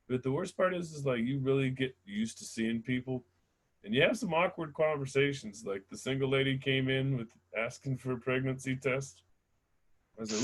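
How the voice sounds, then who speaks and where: A man's voice: mid-range voice, lively intonation, normal speed, a bit bright. A brash male comedian performs a stand-up set in a mid-range voice. He swears freely and laughs at his own jokes between stories.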